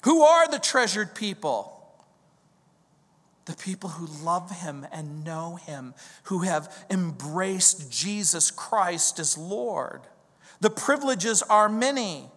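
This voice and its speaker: A high-pitched middle-aged man from Southern California preaches to his congregation, leaning hard on key words and slowing down to drive a point home. His voice carries a long reverb from a large church hall. He switches easily between scripture reading and personal storytelling. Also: animated, fairly bright tone. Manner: storytelling, emphatic with slow drawn-out stresses. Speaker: pastor. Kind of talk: verse-by-verse sermon. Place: church sanctuary.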